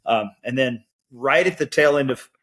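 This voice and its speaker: A man's voice: medium pitch, normal speed. A man in his forties from Georgia, guest on a podcast, telling stories and acting out what others said. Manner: lively anecdotes with acted quotes. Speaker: podcast guest, band educator. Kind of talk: storytelling interview chat.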